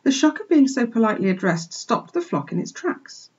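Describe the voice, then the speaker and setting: A woman teacher expressively reading a children's book aloud for a remote class, pausing to point out pictures, on a dull lo-fi recording. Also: on the high side, lively intonation. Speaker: primary school teacher. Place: home, remote lesson.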